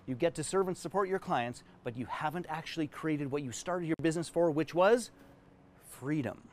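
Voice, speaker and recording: A man's voice: fairly high pitch, normal speed. A man teaching business owners on a live stream, talking them through a whiteboard drawing with emphatic, story-driven delivery. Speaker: business coach.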